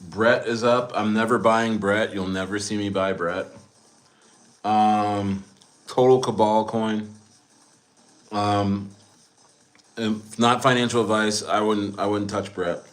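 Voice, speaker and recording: Male streamer, slow loose delivery, rambling casual commentary to viewers. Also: on the low side, steady tone, faint music behind. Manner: rambling, repeats himself, addresses viewers as guys. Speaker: crypto streamer.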